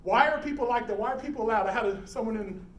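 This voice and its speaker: A middle-aged man teaching emergency preparedness to a live audience, animated, quizzing the room and acting out scenes. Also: very high-pitched, fast talker. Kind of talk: live classroom talk. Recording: roomy hall, distant mic, faint noise.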